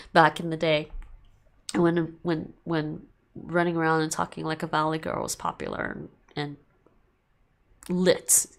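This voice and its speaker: A woman's voice: lowish voice, gravelly, fairly bright tone. A woman streamer in casual end-of-stream chat, rambling, repeating herself and laughing often.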